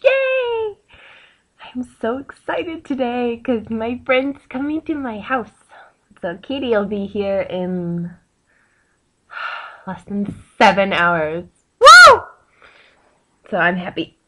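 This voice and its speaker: A young woman rambles excitedly to her camera. Her talk is casual, full of fillers and quick jumps between thoughts. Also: mid-range voice. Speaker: vlogger.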